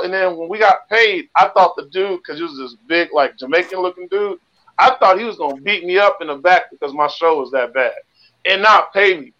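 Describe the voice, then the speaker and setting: A man with a bright, forceful and fairly high voice, animated as he leads a mock therapy session in a comedy sketch. The recording sounds dull and lo-fi. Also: a little fast, slight background noise. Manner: animated, mimics others in a high camp voice. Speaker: comedian acting a group therapist.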